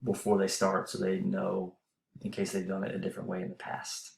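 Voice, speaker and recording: This deep-voiced male instructor speaks a little fast and in a monotone with vocal fry, casually explaining university course material amid fillers and restarts. He sounds short of breath. The recorded lecture voice-over was made on a voice-over mic, with a roomy sound.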